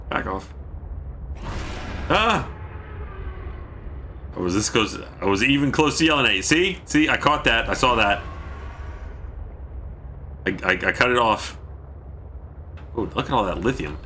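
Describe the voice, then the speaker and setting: A man with a low voice that still swings widely in pitch, with a bright, forward edge to it. He talks casually through a game stream at home, keeping his voice down while he reads out viewer thanks and yelps at sudden scares. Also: animated, moderate pace, pauses often, a little hiss or hum. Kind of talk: casual gameplay commentary.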